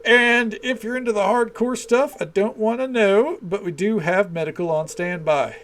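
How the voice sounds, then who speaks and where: A man's voice: high-pitched, normal speed, fairly bright tone, slight background noise, pitched above the performer's own voice. A man voicing a town leader who hosts a New Year bonfire ceremony in a put-on accent, solemn and then teasing.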